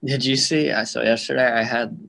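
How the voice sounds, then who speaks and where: A man's voice: medium pitch, fairly even intonation, a little fast, gravelly, a bit bright. A man co-hosting a sports betting podcast, breaking down games in a loose, analytical way. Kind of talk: casual podcast chat.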